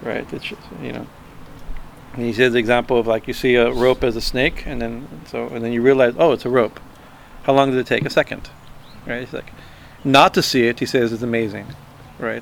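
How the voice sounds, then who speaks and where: A man with a gravelly edge to his voice, speaking at a middling pitch, gives an informal spiritual talk. He stumbles and restarts, repeats words, and keeps checking in with a quick "right?" now and then. Faint noise hums in the background. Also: steady tone. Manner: halting, repeats words, frequent "right?" asides; chuckles while explaining. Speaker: spiritual teacher.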